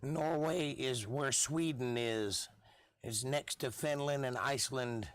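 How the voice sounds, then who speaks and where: A hoarse man hosting a live stream, chatting in a rambling, offhand and jokey way, with the odd cough. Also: medium pitch, slow. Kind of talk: casual rambling chat.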